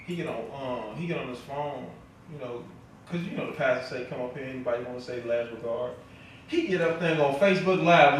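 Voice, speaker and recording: Stand-up comic in an echoey club. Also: male voice, mid-range voice, brisk. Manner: loose storytelling, acting out family members. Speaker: stand-up comedian. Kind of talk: stand-up comedy set. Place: comedy club. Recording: echoey club from far off, noisy.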